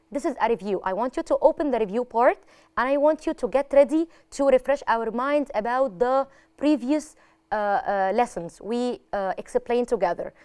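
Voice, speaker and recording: Egyptian woman teaching English, smooth and clear. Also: fairly high pitch. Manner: switches between English and Arabic explanations, lively stressed example phrases. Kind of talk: classroom lesson on a TV channel.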